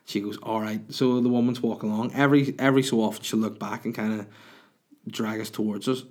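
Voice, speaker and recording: A man's voice: medium pitch, level tone, fast, darkish tone. A man in his thirties, a podcast host, telling a rambling, crude, self-mocking story in casual monologue.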